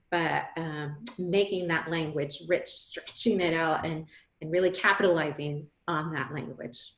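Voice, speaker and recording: Woman presenter, animated Q&A delivery with acted-out examples, roomy echoey sound. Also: low voice, unhurried. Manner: animated, acts out examples in lively voices. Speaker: webinar presenter. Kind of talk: webinar Q&A answers. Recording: roomy echo.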